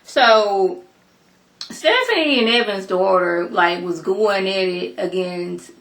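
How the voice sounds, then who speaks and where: Woman chatting about a tv episode, gets real animated, gravelly voice, roomy echo. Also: mid-range voice, slow pace. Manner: animated, emphatic, talks back to characters. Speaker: TV show reviewer. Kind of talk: casual chat review.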